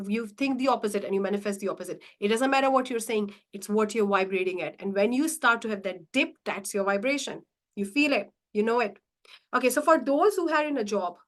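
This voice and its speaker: Emphatic, higher-voiced woman coaching. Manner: animated, challenging rhetorical questions; acts out inner voices dramatically. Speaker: money mindset coach. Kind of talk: live online coaching session.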